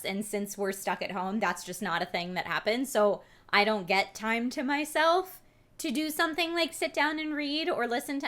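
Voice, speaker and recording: Woman co-host, casual and self-deprecating, bright, tense tone. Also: mid-range voice. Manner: chatty, frank, self-deprecating. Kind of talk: casual chat.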